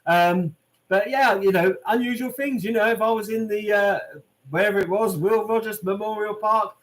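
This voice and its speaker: A man's voice: high-pitched, moderate pace. A British man hosting a live question-and-answer stream, reading viewer comments aloud and chatting casually. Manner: chatty, reads out viewer comments, lots of "um" and "mate". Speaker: channel host answering live chat.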